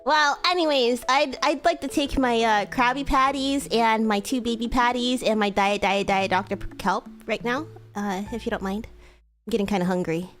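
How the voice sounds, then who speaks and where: A woman's voice: fairly high pitch, moderate pace, fairly bright tone, faint music behind. A woman streamer improvising a role-play with a chatbot, hesitant and giggly, with many fillers.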